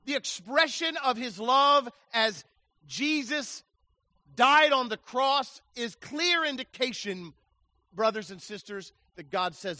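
A man preaching an evangelistic sermon, impassioned, swinging from hushed lines to loud ones and stacking words in slow emphatic runs. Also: very high voice, lively intonation, no room sound.

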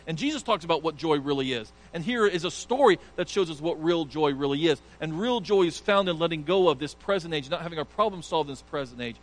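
A man's voice: fairly high pitch, poor audio. A male pastor preaching an earnest sermon, emphatic and sometimes stumbling over restarts.

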